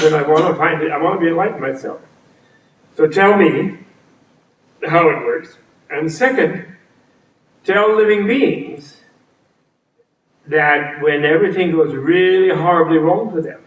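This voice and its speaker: A man's voice: on the high side, lightly acted. A man voicing a frank, weary male creator god who admits he is unsure of himself, in a confiding, apologetic, joking way, heard from a distance in a roomy space.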